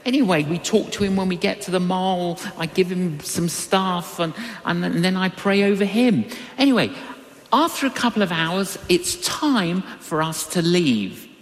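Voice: medium pitch, moderate pace. An older preacher giving a sermon and telling personal stories, acting out the people in the stories. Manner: animated, acts out quoted voices. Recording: long reverberant hall.

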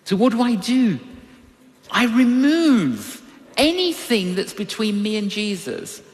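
A man's voice: high voice, slow. An older man preaching a sermon, telling a personal story and acting out the voices of people in it. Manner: animated storytelling, acts out voices in quotes. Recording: long reverb of a large hall.

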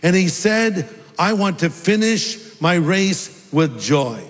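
A man's voice: high voice, lively intonation, slow pace, big-room sound. A man preaching a sermon as a pastor, conversational and humorous, acting out bits of dialogue.

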